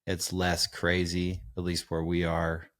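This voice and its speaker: A man's voice: low voice, measured pace. A man in his forties co-hosting a podcast, chatting casually and telling rambling stories full of fillers. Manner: relaxed, rambling storyteller with many fillers. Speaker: podcast co-host. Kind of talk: casual chat.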